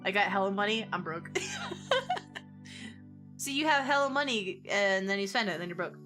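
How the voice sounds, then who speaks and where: A woman's voice: mid-range voice, lively intonation, normal speed, bright, forceful tone. A woman casually commenting on a dating game and reading its dialogue aloud, chatty and joking, laughing often. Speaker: gamer playing a dating sim. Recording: music playing behind the voice.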